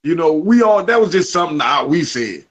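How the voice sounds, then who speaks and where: A man's voice: fairly high pitch, brisk, dull audio. A man from Washington D C with a Southeast DC accent, telling stories as a guest in an interview, acting out what people said. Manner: animated storyteller, acts out quotes. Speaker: interview guest, reggae artist. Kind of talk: storytelling in casual conversation.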